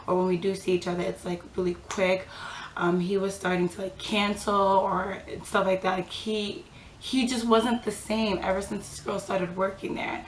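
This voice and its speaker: A woman's voice: medium pitch, brisk, roomy sound, slight background noise, low-quality recording. A young woman vlogger telling a story in a casual, chatty way, full of fillers and quoted dialogue. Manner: chatty, filler-heavy, animated quoting.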